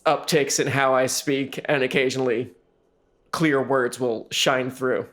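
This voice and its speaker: A middle-aged man co-hosting a podcast, chatting casually in a halting, self-deprecating way. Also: mid-range voice, fairly even intonation, fairly bright tone. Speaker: podcast co-host. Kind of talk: casual chat.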